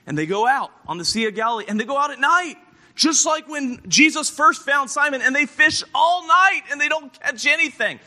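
A man pastor preaching a storytelling sermon, animated and acting out the scenes as he goes. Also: extremely high pitch, moderate pace. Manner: animated, acts out the scripture scenes.

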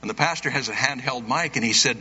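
A man preaching a sermon, telling a story and acting out the voices of the people in it with big jumps in pitch. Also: fast, pushed and bright, husky. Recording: roomy hall, dull lo-fi sound.

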